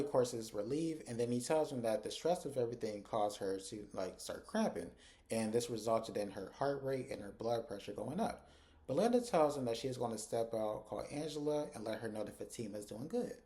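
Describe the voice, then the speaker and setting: Lively mellow-voiced man recapping an episode. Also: mid-range voice, fairly quick. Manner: animated retelling, acting out characters' lines with asides.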